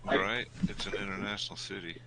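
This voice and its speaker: A man's voice: low-pitched, fairly even intonation, brisk, very noisy. A man chatting casually in an online voice chat, joking and laughing often.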